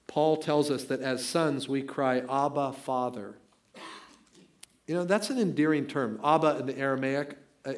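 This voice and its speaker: A middle-aged man preaching a conversational, emphatic sermon as pastor in a church sanctuary. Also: medium pitch.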